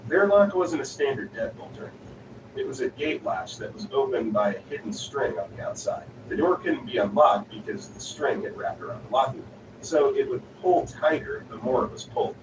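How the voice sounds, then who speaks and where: Guy reading stories out loud, lively pitch, echoey room, kinda far from mic. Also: brisk. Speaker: story narrator. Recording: roomy, distant, noisy.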